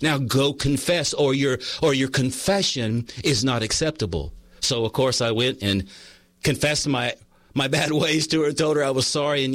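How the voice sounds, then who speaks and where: A man's voice: mid-range voice, a bit bright, dry recording. A male pastor preaching a conversational sermon, reading from a book and telling a personal story, often restarting his words.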